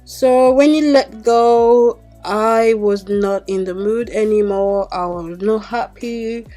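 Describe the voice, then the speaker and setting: Young woman vlogger ranting casually, mid pitch, lots of "like", faint music behind. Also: slow pace, mellow. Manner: chatty and exasperated, with many "like"s. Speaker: beauty vlogger. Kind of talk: casual storytelling to camera.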